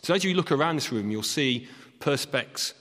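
A man who is an acoustics expert, clearly explaining how halls are designed. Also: medium pitch, lively intonation, normal speed, fairly bright tone. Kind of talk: explaining on a panel. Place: concert hall used as studio. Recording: long concert hall reverb.

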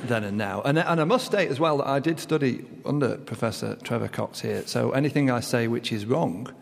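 A man's voice: mid-range voice, a little fast, gravelly, slight background noise. A man in his thirties, a comedian guest on a panel, self-deprecating. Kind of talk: panel show chat. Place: concert hall used as studio. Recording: long concert hall reverb.

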